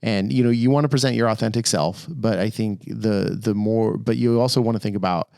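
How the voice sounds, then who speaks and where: A middle-aged man co-hosting a podcast in casual chat, rambling and animated with frequent restarts. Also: fairly low pitch, a little fast, gravelly, smooth, dry recording, studio quality. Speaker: podcast co-host.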